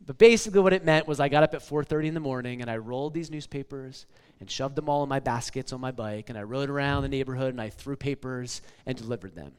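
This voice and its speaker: A man's voice: mid-range voice, quick pace, darkish tone, clear, resonant tone. A man in his forties preaching a casual, conversational sermon, often checking in with "okay?" and "like.". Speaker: pastor. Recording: long hall reverb.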